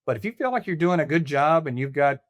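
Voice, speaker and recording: A man's voice: on the high side, lively intonation, fast, no room sound. An older man telling candid workplace stories as an interview guest, with frequent fillers and restarts. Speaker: interview guest, leadership coach. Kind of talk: conversational storytelling.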